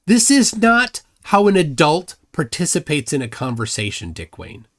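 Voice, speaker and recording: With a slightly high, sing-song, somewhat bright voice at normal speed, this livestream host argues combatively. He mocks his opponent as he reads chat comments aloud.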